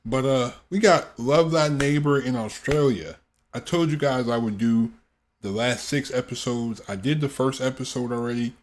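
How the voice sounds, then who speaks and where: A man's voice: medium pitch, moderate pace. Laid-back YouTube reaction host, man. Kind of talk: casual vlog intro.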